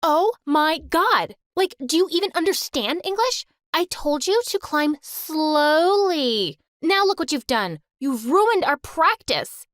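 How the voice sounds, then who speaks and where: A spiteful teenage cheerleader girl sneers and barks orders in a high, lively voice, put on by a woman narrating. She sounds bossy and cruel, dry and close to the mic, like a voice in an animated storybook. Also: a little slow, dry recording, full character voice. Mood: furious. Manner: mocking, shrill and bossy.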